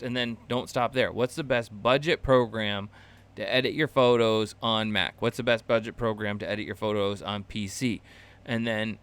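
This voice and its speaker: A man's voice: medium pitch, a bit bright, clear, resonant tone. A man hosting a casual live-stream class for video creators, rambling loosely with lots of fillers and restarts, chuckling at his own asides. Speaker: channel host teaching a creator class.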